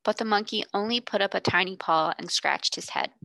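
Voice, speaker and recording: A woman reading a classic children's story aloud in calm, measured narration. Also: medium pitch, gravelly, no room sound. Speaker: reader.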